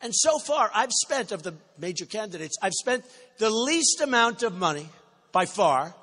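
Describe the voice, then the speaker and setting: A man speaking at a political rally in a big indoor hall, his voice pitched high for a man and pushed hard with a bright, forceful edge. He riffs off the cuff, repeats himself and brags, then bursts into shouts to drive a point home. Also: very animated, moderate pace. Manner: boastful, repetitive, off-the-cuff. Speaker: political candidate. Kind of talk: campaign rally speech.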